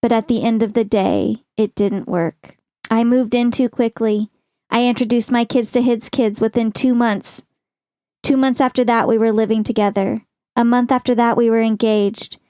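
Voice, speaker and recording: A middle-aged woman hosting a podcast, speaking slowly and earnestly in a reflective personal monologue. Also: fairly high pitch, fairly even intonation, mellow, dry recording, clean studio sound. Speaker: podcast host.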